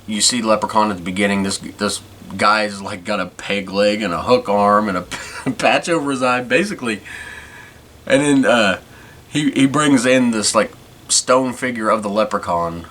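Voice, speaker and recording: A man's voice: on the low side, normal speed, pushed and bright. A man hosting a podcast, chatting casually and rambling as he goes. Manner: rambling, many restarts. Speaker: podcast host. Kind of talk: casual chat.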